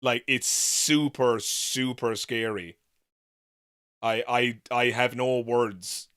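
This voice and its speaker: Irish male streamer, young adult, bright and forceful, dry room, rambling exasperated chat. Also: medium pitch, steady tone, slow, clear, resonant tone, no echo. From Ireland. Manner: rambling, exasperated rants with swearing and laughs. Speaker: livestream host. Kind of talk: live Q&A chat with viewers.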